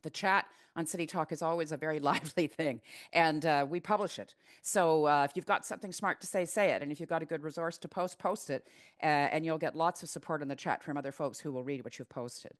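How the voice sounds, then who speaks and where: A woman's voice: deep voice, a little fast. An older woman hosting a live video-call webinar, chatty and teasing, with lots of fillers and restarts. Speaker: webinar host.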